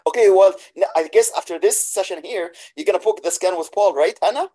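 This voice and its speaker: A man's voice: sits high, brisk, warm tone, rough recording. A man teaching in an online webinar, speaking in slightly broken English and praising his students freely. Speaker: practitioner and instructor. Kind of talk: webinar talk.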